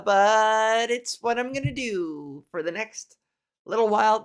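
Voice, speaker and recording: A woman's voice: fairly high pitch, expressive, unhurried. A woman comedian hosting her own podcast, talking in a playful, rambling monologue full of crude jokes.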